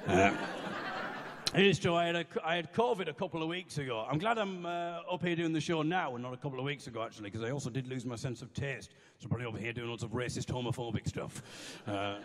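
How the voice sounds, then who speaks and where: Male stand-up comic, high and lively voice with gravelly fry, deadpan patter, hall reverb. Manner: deadpan, self-deprecating banter with the audience. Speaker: stand-up comedian. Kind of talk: stand-up comedy with comic songs. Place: live comedy venue.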